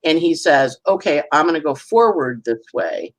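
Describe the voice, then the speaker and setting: A woman's voice: low-pitched, lively intonation, normal speed, low-quality recording. A woman astrologer, a guest, chatting casually through a weekly forecast and acting out little voices and sounds as she goes.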